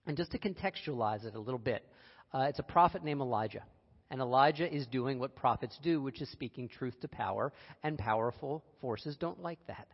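A man's voice: medium pitch, lively intonation, brisk, breathy edge. Earnest man preaching in a reverberant hall. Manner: earnest and personal, with wry asides. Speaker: speaker giving a reflective talk. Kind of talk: conversational sermon. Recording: dull recording with long hall reverb.

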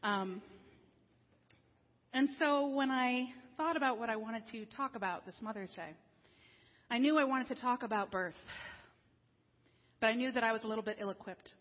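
Husky-voiced woman preaching in a reverberant hall. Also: a little high. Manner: conversational and wry, slowing down for serious points. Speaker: minister. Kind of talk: sermon. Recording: dull lo-fi sound with long hall reverb.

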